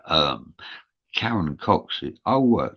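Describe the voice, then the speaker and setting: A man's voice: deep voice, very animated, takes it slowly, highs cut off. A man from London with a London English accent hosting a live show, reading out viewer comments in an earnest, rambling way. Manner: rambling, many filler uhs, earnest. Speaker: show host.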